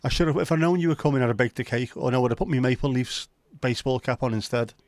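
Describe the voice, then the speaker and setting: Bloke chatting away on a live stream, saying hi to everyone by name, dry close mic, mid voice. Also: male voice, medium pitch, fast talker, a little mellow, no echo. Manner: chatty, greets viewers by name, jokey. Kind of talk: casual watch-along chat.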